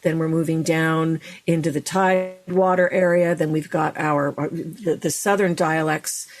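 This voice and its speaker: A middle-aged woman speaks as a guest on a podcast. She explains things in a lively, chatty way. Her voice sits a little low. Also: unhurried. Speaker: speech and dialect coach.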